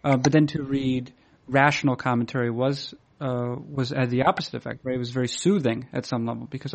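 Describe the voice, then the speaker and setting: A man from the Boston area, USA, chats casually, rambling and hesitant with lots of fillers and restarts, laughing at himself as he tells stories in a self-deprecating way. His voice is medium-pitched, steady and somewhat dark, and he talks fairly quickly.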